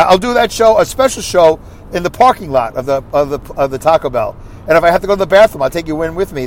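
A man hosting his own podcast, reading listener comments aloud in a rambling, animated way with mocking asides. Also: fairly high pitch, a little hiss or hum. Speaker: podcast host.

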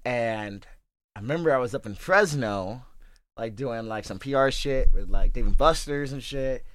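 A man's voice: mid-range voice, normal speed, a bit bright, dry recording. A man, a fighter guest on a podcast, chatting casually and telling stories with lots of swearing and acted-out quotes. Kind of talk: casual chat.

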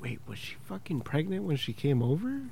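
A man's voice: a little high, big pitch swings, fairly quick, gravelly, dark tone, a little hiss or hum. A man in his thirties hosting a podcast, telling a rambling, profanity-laced story and acting out the people in it. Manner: profane, rambling, acts out quoted voices. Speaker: podcast host. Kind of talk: casual storytelling.

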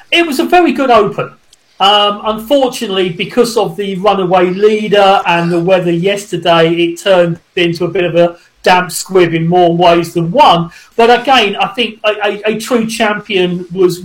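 A man's voice: sits high, moderate pace, poor audio. An English man from the southwest of England, a golf journalist guest speaking fluently with dry humour. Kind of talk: phone-in interview.

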